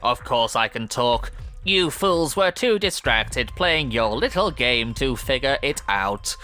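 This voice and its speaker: Man doing a scheming train villain, slow and menacing, drawn-out words, bright tone. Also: medium pitch, animated, faint music behind. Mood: gloating. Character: sinister talking train, male, cold and scheming.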